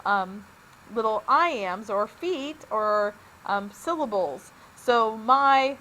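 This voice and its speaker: A woman's voice: a little high, animated, a little slow, fairly bright tone, low-quality recording. A woman teacher giving a recorded lesson, upbeat and explaining each step plainly.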